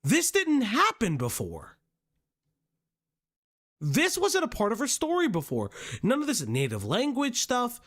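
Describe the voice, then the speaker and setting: A streamer reacting to a clip with profane, animated outbursts. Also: medium pitch, measured pace, long pauses. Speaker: commentary streamer. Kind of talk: reaction commentary.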